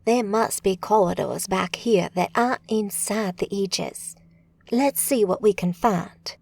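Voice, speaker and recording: A woman's voice: medium pitch, measured pace, gravelly, darkish tone. A woman voicing a practical, matter-of-fact woman mage ally.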